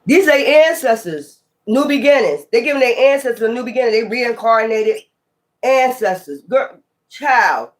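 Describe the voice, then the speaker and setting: Brief: a profane, animated tarot reader with a mid-pitched voice, talking through the cards. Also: moderate pace. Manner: animated, profane, calls listener child. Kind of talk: casual tarot reading.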